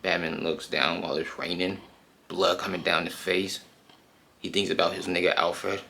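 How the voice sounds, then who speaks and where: A man casually retelling a comic book in slangy, animated speech full of fillers. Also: sits low, normal speed, gravelly, slight background noise.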